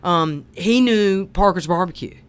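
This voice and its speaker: Podcast guest, female, eastern North Carolina drawl, smooth clear voice, animated storyteller. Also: lowish voice, unhurried. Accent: eastern North Carolina Southern. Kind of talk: casual chat.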